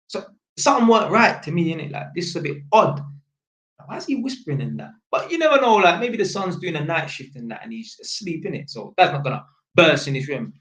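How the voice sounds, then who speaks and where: A man's voice: fairly high pitch, big pitch swings, fast, a bit bright, reverberant, low-quality recording. A young man with a London accent, telling a story to camera in casual street slang, with "innit" on almost every line, and acting out the voices of people he quotes. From England. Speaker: vlogger.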